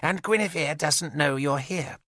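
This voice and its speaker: A man's voice: fairly high pitch, a little slow, bright, forceful tone, no room sound, studio quality, pitched above the performer's own voice. A male audiobook narrator voicing an odd, plump middle-aged woman who talks in a singsong, childlike way and giggles. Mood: teasing. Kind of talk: audiobook character voice.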